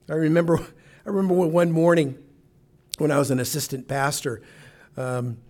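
A pastor delivers a sermon in an earnest, emphatic manner. His voice sits a little higher than most men's. He sometimes breaks off and restarts a phrase as he presses his point. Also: normal speed, long pauses, a little mellow.

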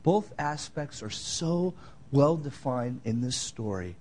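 A man preaching a sermon, moving between loud emphatic lines and quiet, tender asides. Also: mid-range voice, expressive, slow. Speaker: pastor.

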